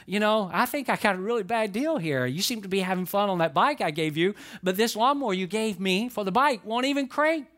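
A man's voice: high voice, animated, fairly quick, hardly any pauses, a bit bright. A man playing a proper small-town pastor in a joke he tells. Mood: puzzled. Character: prim new pastor in town, indignant.

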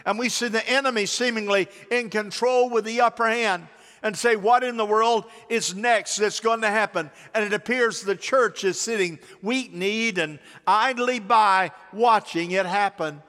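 A man preaching a sermon with emphatic, stretched-out words and quieter storytelling asides. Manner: emphatic, stretches key words slowly, drops to a low aside for stories. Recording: hall reverb.

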